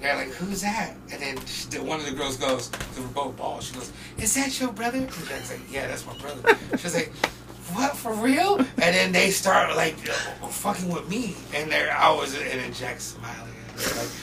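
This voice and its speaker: A man from North Portland, a podcast guest, telling casual stories in an animated, profane way and acting out other people's voices. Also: a little high, moderate pace, gravelly, few pauses, over music. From North Portland, USA. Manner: animated, profane, laughing, acts out quoted voices. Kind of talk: casual storytelling. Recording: distant mic with steady background noise.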